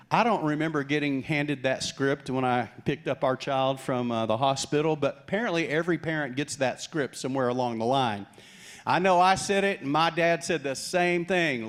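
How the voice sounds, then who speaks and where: Animated middle-aged male preacher. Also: fairly high pitch, moderate pace. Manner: animated, acts out quoted voices. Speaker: pastor. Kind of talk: sermon.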